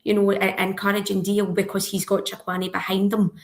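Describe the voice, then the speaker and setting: A woman's voice: medium pitch, monotone, a little fast. A woman co-hosting a football podcast, chatty and fond of tag questions. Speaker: podcast co-host. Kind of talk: casual football podcast chat.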